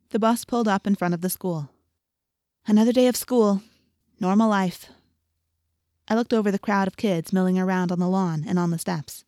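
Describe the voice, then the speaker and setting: A woman reading a first-person audiobook in a steady, intimate storytelling manner. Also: mid-range voice, moderate pace, pauses often, dry recording, studio quality. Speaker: audiobook narrator.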